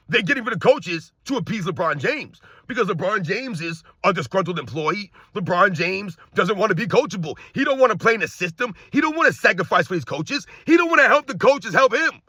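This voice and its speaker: A man's voice: high voice, husky, dry recording, studio quality. A man giving ranting sports commentary, hammering his point with repeated rhetorical questions and calling out to viewers as guys. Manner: emphatic, repetitive rhetorical questions; addresses viewers as guys, occasional shouting.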